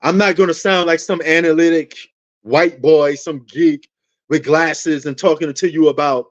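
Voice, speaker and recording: New guy yelling about sports on a stream, high voice, kinda muffled lo-fi audio. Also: steady tone, moderate pace. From New York. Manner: loud, passionate, argumentative. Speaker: sports talk show host. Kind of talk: livestream sports debate answering chat.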